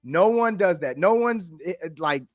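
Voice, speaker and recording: A man's voice: high voice, animated, moderate pace. A man co-hosting a sports podcast, talking emphatically and repeating points for effect. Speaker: podcast co-host. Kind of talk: casual sports chat.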